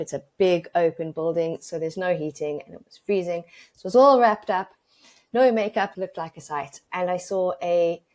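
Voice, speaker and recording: A woman from Africa, a podcast guest telling stories in a lively way. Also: low voice. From South Africa. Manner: lively anecdotal storytelling. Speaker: guest, audit expert. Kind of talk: podcast interview storytelling.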